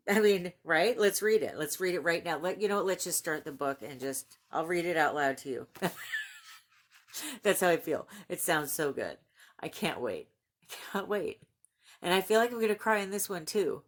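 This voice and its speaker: A woman book vlogger chatting casually about new books and reading the blurbs aloud, gushing and excitable and laughing often. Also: lowish voice, a little fast, few pauses.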